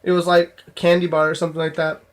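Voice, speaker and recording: A man's voice: a little high, monotone, fast talker. A young man casually telling a story from his job in a vlog, rambling with lots of fillers and restarts. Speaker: store clerk telling a work story.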